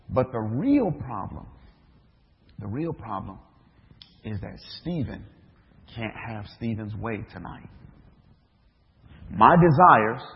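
A minister preaches to his congregation, telling his story and voicing its dialogue, then turning it into questions for the listeners. His voice rings out in a hall with long reverb. The recording is dull and muffled. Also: medium pitch. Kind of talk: sermon.

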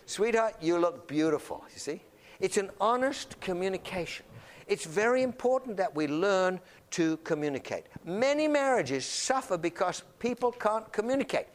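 A man's voice: high voice, sing-song, normal speed. A man giving an anecdotal classroom lecture, acting out little dialogues and often repeating words as he talks. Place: lecture room filmed on camera.

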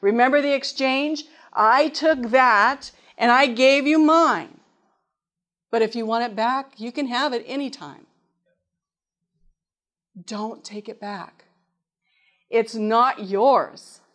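A woman's voice: on the high side, slow, pauses often, a bit bright. Earnest woman preaching a sermon. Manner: earnest, reads scripture aloud, asks the audience questions.

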